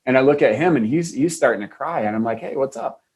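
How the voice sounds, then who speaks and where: A man's voice: medium pitch, quick pace, darkish tone, slightly rough. A man from Wisconsin, a chiropractor, telling a heartfelt personal story in an earnest way, often restarting his sentences. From Wisconsin, USA. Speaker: chiropractor, podcast guest.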